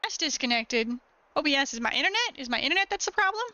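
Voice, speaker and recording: High, bright-voiced woman streamer. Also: big pitch swings, fast, no echo, highs cut off. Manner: clipped dog-training commands, then explanatory talk. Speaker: gaming streamer. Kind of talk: casual live-stream chat.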